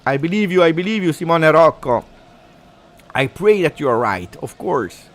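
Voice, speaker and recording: A man with an Italian accent doing live fan commentary on a match, excitable, throwing in Italian exclamations and talking to his viewers. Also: on the high side, moderate pace. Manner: excitable, switches into Italian exclamations, talks to chat.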